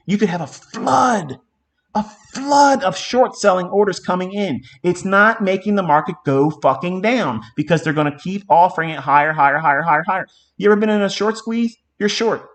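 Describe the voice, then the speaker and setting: Emphatic, profane male trading mentor. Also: high-pitched. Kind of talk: live trading lesson.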